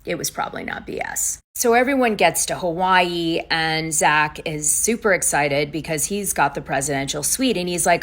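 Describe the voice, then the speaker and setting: A woman hosting a casual reality TV recap, chatty and gossipy, with quick asides. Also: low voice, expressive, fairly bright tone. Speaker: gossip show host.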